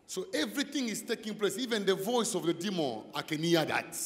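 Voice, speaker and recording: A man's voice: high voice, big-room sound. A man preaching a deliverance sermon in broken English. He talks straight to one listener and keeps asking if she is with him. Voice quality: non-native English with broken grammar. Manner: preaching with sudden shouted calls and repeated questions to the listener. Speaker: pastor.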